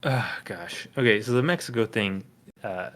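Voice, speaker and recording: A man's voice: on the low side, normal speed, a bit bright. A man co-hosting a podcast in casual chat, reading listener comments aloud and laughing often. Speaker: podcast co-host.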